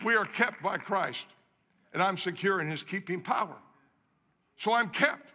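Preaching as a guest, a middle-aged man uses a high, bright, forceful voice, speaking a little slowly and pausing often. He tells stories animatedly and repeats phrases for emphasis. Some chatter can be heard behind him, and the large hall adds a long reverb.

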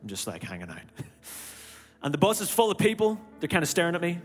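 A man's voice: high voice, fast talker. Irish man preaching in a reverberant hall. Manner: animated personal storytelling, acting out his own reactions. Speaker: church speaker. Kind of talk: sermon storytelling. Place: church auditorium. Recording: long hall reverb, faint music behind. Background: faint music.

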